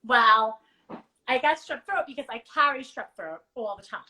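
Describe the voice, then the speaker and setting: Bright, chatty woman hosting a live chat. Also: a little high, normal speed, poor audio. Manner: chatty and animated, swears casually. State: recovering from strep throat. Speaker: host. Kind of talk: casual livestream chat.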